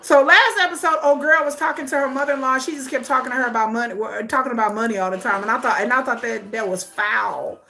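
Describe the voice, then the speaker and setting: A sassy woman talks through a live watch-along from her home setup, laughing often and full of attitude. Her voice sits a little high and rings bright and sharp. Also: fast talker, creaky, hardly any pauses. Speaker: content creator hosting a live watch-along. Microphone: desk setup with ring light.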